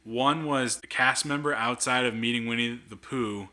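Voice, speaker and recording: A man chatting casually on a podcast, telling a lively story and acting out what people said. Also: mid-range voice, normal speed. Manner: animated storyteller acting out quotes. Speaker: podcast guest. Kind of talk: casual chat.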